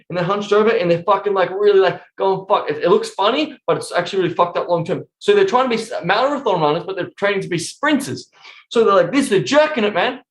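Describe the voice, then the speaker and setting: A man speaking as a coach on a casual podcast interview over a remote call, blunt and animated, swearing constantly. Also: high voice, echoey room, low-quality recording.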